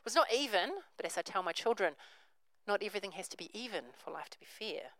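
A woman's voice: fairly low pitch, fast talker, a bit bright, dry recording, poor audio. A woman, preaching a sermon, telling a story and acting out the characters' voices.

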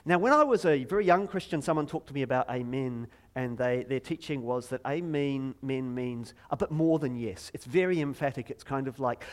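A middle-aged man preaching a lively, joking sermon from a church stage, chatty and self-deprecating, drawing the congregation in. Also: medium pitch, moderate pace, hardly any pauses. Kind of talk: playful sermon with audience participation.

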